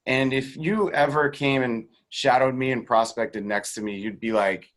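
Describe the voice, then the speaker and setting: A man being interviewed as a sales coach, teaching in a casual, animated way and acting out the voices of the people in his stories. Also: mid-range voice, moderate pace. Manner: animated storyteller who acts out quoted voices; swears casually and laughs between points. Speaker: guest real estate sales coach.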